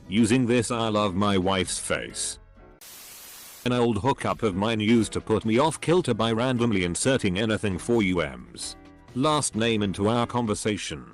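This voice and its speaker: Man, low voice, lively pitch, reads posts aloud, spells out abbreviations, faint music behind. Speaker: narrator of reddit posts. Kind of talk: reading online posts aloud.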